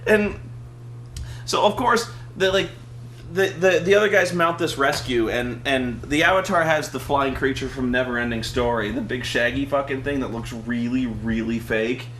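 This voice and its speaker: A man's voice: mid-range voice, moderate pace, a bit bright, slight background noise. A young man on a casual vlog, ranting about a film with lots of swearing and mocking, acting out scenes in silly voices. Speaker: vlog co-host. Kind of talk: animated casual movie rant.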